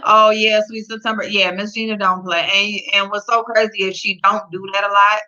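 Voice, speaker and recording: A woman chats her way through a livestream in a bright, forceful voice, answering the chat and scolding her dog between loud laughs. The sound is dull and lo-fi, like a built-in mic. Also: mid-range voice, little pitch movement, fairly quick. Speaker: livestream host reading chat.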